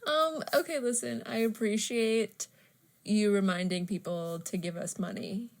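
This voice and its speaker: A woman's voice: mid-range voice, unhurried. A woman co-hosting a casual podcast, teasing her partner and laughing easily. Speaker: podcast co-host.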